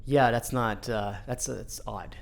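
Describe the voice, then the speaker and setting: Guy hosting a podcast, middle pitched voice, rambles a bit, pokes fun at himself. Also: a little slow, gravelly. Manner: relaxed, rambling, self-deprecating. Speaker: podcast host, company boss. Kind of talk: casual podcast conversation.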